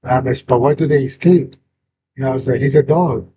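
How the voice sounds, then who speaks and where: Fairly quick and with crowd noise around him, a young man hosts a casual chat and tells a story laced with slang and swearing. The recording has a dull lo-fi quality and a faint rumble.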